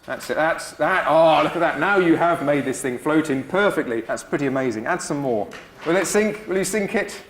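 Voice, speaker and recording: A man's voice: a little high, expressive, moderate pace, fairly bright tone, slight background noise. A man giving a live science demonstration lecture to an audience, upbeat and encouraging.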